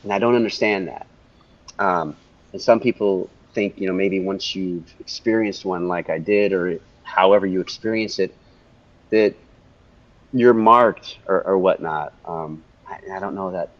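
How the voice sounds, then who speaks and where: A man guest in an interview, telling a personal story in an animated way and repeating phrases for emphasis. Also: low-pitched, a little slow. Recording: dull lo-fi audio.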